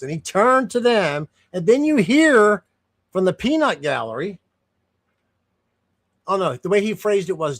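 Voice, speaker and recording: A man talks through his views in a loose, unscripted way, his voice sitting a little high for a man. He sounds indignant and often doubles back mid-sentence or drifts into digressions. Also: big pitch swings, moderate pace. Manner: indignant, rambling, with frequent restarts and digressions. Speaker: streamer giving commentary. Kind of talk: casual unscripted commentary.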